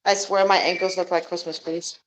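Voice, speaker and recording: A woman's voice: on the low side, flat delivery, brisk, a little hiss or hum, low-quality recording. A woman vlogger chatting casually while doing chores in a goose coop, rambling with fillers and chuckles.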